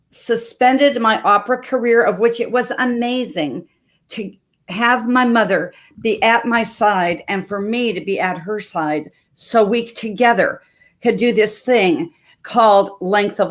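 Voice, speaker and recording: A woman in her sixties from Montana, a health coach hosting a live webcast, introducing her guest in an expressive, emphatic storytelling manner. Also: a little high. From Montana, USA. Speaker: health coach and show host.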